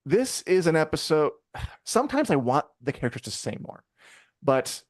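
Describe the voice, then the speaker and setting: A man co-hosting a live review show in casual chat, rambling and animated, with many fillers and acted-out quotes. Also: fairly high pitch, normal speed, no echo, clean studio sound. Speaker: podcast co-host reviewing a TV episode.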